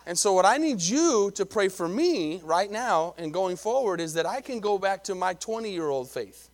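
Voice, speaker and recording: A man's voice: high voice, lively intonation, normal speed. A middle-aged man, a pastor delivering a sermon in a conversational way, often repeating himself and calling for amens.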